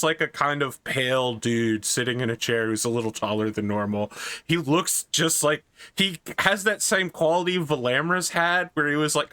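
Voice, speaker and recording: A man's voice: on the high side, bright, forceful tone, smooth, dry recording, clean studio sound. A man narrating a tabletop role-playing game as game master, casual and vivid, with many "like"s.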